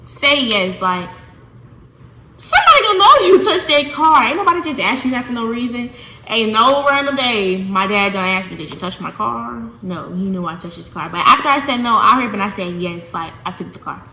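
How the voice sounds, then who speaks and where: A young woman telling a casual storytime to her viewers, animated and chatty, often calling them y'all. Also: medium pitch, brisk. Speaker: vlogger. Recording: echoey room with faint noise.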